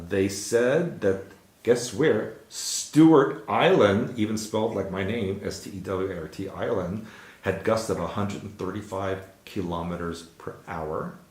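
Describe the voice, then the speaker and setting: A man's voice: lowish voice, reverberant. A man hosting a casual news chat show, reading weather stories with jokey asides. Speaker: show host.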